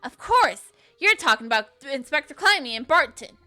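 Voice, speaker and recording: An eager young boy apprentice, as a woman plays him with a high, bright, lively voice. He is excitable and curious, full of questions, like a puzzle-game sidekick. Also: moderate pace, soft background music, heavily acted.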